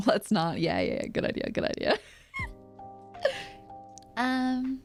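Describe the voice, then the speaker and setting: A woman's voice: a little high, vocal fry, darkish tone. Woman streamer, casual storytelling, rambly, laughs a lot, faint music behind. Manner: rambling, laughs often, lots of "like".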